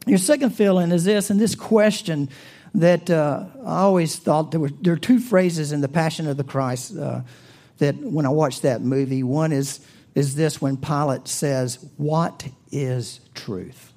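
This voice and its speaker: A man preaching a sermon with an American accent, earnest and full of rhetorical questions, rising loud and then dropping to a hush. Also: on the high side, normal speed. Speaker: pastor.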